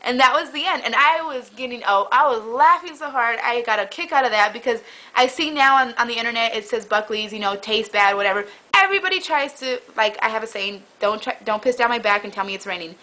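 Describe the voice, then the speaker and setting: A young woman talks straight to her camera in a loose, rambling way, piling one story onto the next. Her voice sits a little high and sounds bright and clear. It feels like an unscripted home vlog. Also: fairly quick, rough recording. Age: young adult. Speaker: vlogger. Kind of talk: casual chat.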